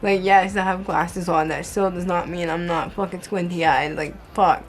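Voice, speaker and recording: A woman's voice: fairly low pitch, steady tone, moderate pace, faint music behind. A young woman vlogging to camera, telling work stories bluntly, with heavy swearing and constant "like". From United States. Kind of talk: casual storytelling to camera.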